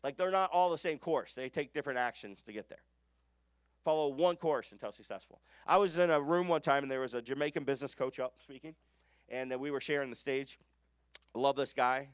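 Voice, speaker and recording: A man's voice: mid-range voice, brisk, clean tone, dry recording. A man giving an emphatic business coaching talk to a live audience, often putting questions to the room.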